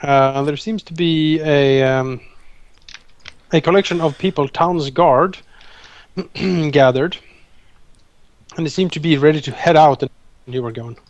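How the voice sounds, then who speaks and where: A man's voice: on the high side, measured pace, pauses often, dry recording, highs cut off. A man narrating as game master of a tabletop game, hesitant, with many fillers. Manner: hesitant, many fillers, acts NPC lines in quotes.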